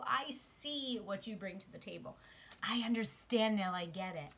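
A woman's voice: medium pitch, moderate pace. Emotional woman giving a tarot reading. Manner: emotional, swings from murmured to excited exclamations. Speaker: tarot card reader. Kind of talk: spiritual tarot reading to viewers. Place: outdoors.

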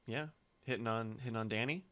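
A man's voice: mid-range voice, a little fast, bright, forceful tone, clean tone. Easygoing man in casual podcast chat. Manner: easygoing, hesitant with fillers. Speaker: podcast co-host.

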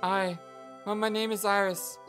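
A woman reading game dialogue aloud as a shy, nervous young nun who stammers softly. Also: medium pitch, level tone, faint music behind, voice pushed up, natural voice. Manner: halting, stammering, soft.

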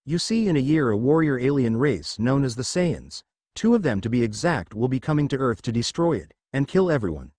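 A man's voice: mid-range voice, big pitch swings, brisk, a little mellow, no room sound, studio quality. A man voicing an offhand, all-powerful young male ninja in a story reading. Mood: cocky.

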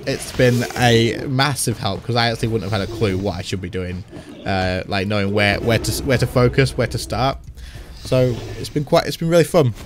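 A man's voice: mid-range voice, lively intonation, normal speed, background noise. A man, chatting casually and laughing as he plays a game on stream. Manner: chatty, laughs often, thinks aloud. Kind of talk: casual gameplay commentary.

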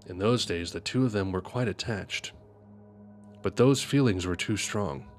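A man reading as a calm old sage. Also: deep voice, unhurried, soft background music. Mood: grave.

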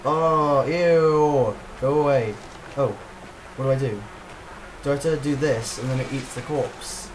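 A man's voice: mid-range voice, fairly even intonation, moderate pace, pauses often, darkish tone, slight background noise, low-quality recording. A man doing gameplay commentary, joking around and talking to himself as he plays, recorded on a desktop mic. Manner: goofy, jokey, talks to himself while playing. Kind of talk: let's play commentary.

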